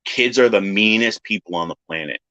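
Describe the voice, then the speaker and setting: A man in casual chat who tells animated stories, acting out other people's lines in silly high voices and swearing freely. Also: fairly quick, no echo. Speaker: podcast panelist. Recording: dry, dull lo-fi sound.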